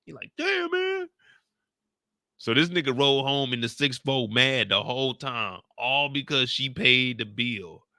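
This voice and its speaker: A man's voice: medium pitch, normal speed, hardly any pauses, bright, forceful tone, no room sound. A man hosting his show, chatting loosely in slang and repeating his points. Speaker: YouTube show host. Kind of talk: casual recap chat.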